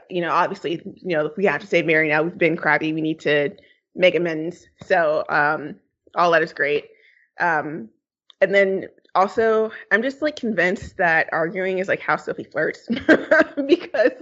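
A woman's voice: lowish voice, a bit bright. A woman chatting casually as a podcast co-host, rambling and laughing often. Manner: giggly, rambling, quick to laugh. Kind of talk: casual chat. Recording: slightly dull lo-fi sound.

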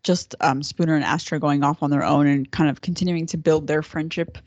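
Lady gushing about a tv episode, kinda low voice, dry muffled audio. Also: fairly even intonation, brisk, darkish tone, no echo. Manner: chatty, enthusiastic, laughs often, jumps into quoted voices. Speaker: podcast co-host. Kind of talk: casual TV recap chat.

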